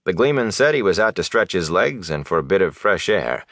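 A man reads a fantasy novel aloud in a low, deep voice. His delivery is dramatic and his pitch swings widely. The sound is close and dry, with no room around it. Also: brisk, dry recording. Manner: expressive, dramatic. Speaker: audiobook narrator. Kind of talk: scripted fantasy narration.

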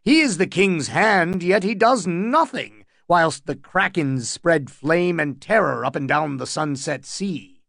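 A man's voice: a little high, animated, slow pace, creaky, fairly bright tone, no echo, clean studio sound, pitched above the performer's own voice, exaggerated voice. A man reading as a blustering old knight. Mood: grumbling. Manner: indignant, blustering. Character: boastful grumbling middle-aged hedge knight. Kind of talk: audiobook reading.

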